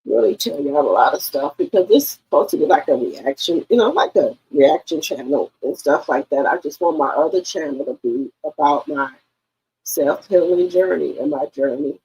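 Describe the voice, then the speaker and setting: Woman, middle-aged, husky, gravelly, emotional, casual vlog talk. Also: low voice, lively intonation, a little mellow, low-quality recording. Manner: emotional, pausing to compose herself; retells her mother's words in quotes. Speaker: vlogger. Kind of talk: casual personal talk to viewers.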